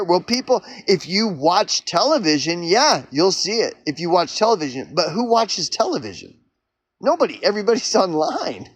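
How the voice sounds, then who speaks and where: A man's voice: high-pitched, lively intonation, moderate pace, no echo. A man from Oklahoma on a profane, rambling solo rant, acting out mock back-and-forth arguments. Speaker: vlogger.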